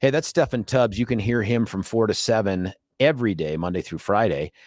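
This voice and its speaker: A middle-aged man with a low voice hosts a radio talk show, trading jokes and laughing easily as he tells stories. The studio mic sounds close and completely dry. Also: a little fast, no room sound. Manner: joking, laughs often, animated storytelling. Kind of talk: casual radio banter. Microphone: studio microphone.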